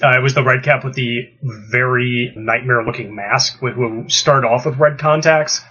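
A man gushes enthusiastically about a live-action game night in casual chat. His voice has a slightly husky edge. The recording sounds dull and lo-fi. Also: medium pitch, fairly even intonation, normal speed, pushed and bright. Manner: enthusiastic, gushing.

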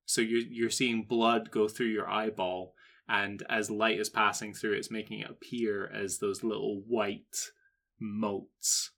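A man's voice: lowish voice, flat delivery, slow pace, creaky, fairly bright tone. A man co-hosting a podcast, chatting casually and explaining facts at length in a rambling, jokey way. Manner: rambling, explains facts at length, slips into silly character voices. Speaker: podcast co-host. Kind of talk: casual chat.

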